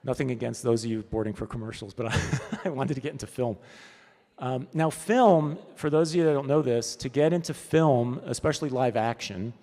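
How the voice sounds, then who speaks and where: A man's voice: mid-range voice, fairly quick, dark tone. A man giving a conference talk as a storyboard artist, telling anecdotes in a casual, chatty way with frequent "right?" asides. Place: event hall. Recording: long hall reverb.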